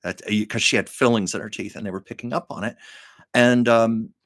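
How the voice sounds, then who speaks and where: Older man, live-stream host, earnest emotional storytelling, lowish voice, dry close sound. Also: fairly even intonation, fairly quick, a bit bright, no echo.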